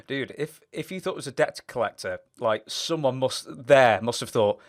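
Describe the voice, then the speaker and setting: A man's voice: medium pitch, expressive, normal speed. A man interviewing a guest, asking loose, rambling questions full of fillers and laughing along. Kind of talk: casual interview.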